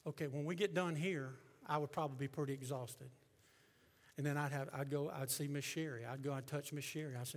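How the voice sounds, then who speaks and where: Pastor preaching, husky voice. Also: male voice, a little high, steady tone, a little fast. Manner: preaching with big swings from hushed to shouting. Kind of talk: sermon. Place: church sanctuary with congregation.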